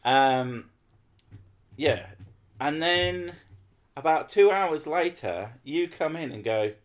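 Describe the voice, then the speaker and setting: A man's voice: medium pitch, lively intonation, a little slow. Sweary man ranting casually. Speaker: podcast host. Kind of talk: casual chat.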